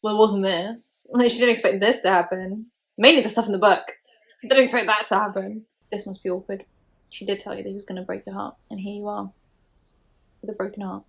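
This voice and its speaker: A woman's voice: medium pitch, flat delivery, brisk, creaky. A young woman hosting a casual movie reaction video, chatty and opinionated with plenty of "like". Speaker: YouTuber host.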